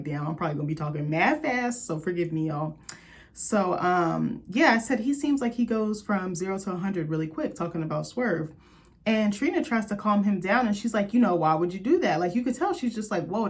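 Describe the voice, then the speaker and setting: A young woman chatting casually and sassily as she recaps a reality show, animated and opinionated, with quick asides. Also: lowish voice.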